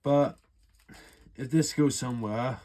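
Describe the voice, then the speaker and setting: A warm, medium-pitched male voice at a slow pace belongs to an airsoft enthusiast from the UK. He rambles through a repair demonstration in offhand, profane how-to chat.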